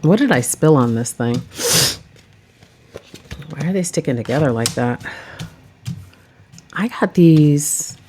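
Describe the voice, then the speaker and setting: Slow, low-voiced chatty woman. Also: expressive, warm tone, a little hiss or hum. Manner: chatty, rambling, says "like" often. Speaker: tarot reader and vlogger. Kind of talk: casual chat.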